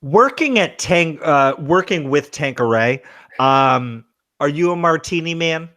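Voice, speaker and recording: An eager man asks his questions in a slow, deliberate way. His voice is bright and slightly edgy, sitting a little higher than most men's. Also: animated. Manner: eager, laughs readily. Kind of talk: casual interview questions.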